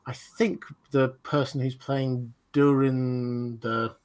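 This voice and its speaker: A man's voice: medium pitch, level tone, slow, darkish tone. A man hosting a casual livestream chat, thinking aloud as he goes. He rambles and digresses, often breaking off and starting his sentences again. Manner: rambling, digressive, many fillers and restarts. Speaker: host. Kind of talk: livestream discussion.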